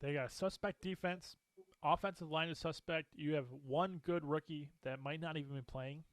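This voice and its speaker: Opinionated man with a higher voice. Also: normal speed, no echo. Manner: animated, opinionated, laughs often. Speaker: co-host. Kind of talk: casual sports talk.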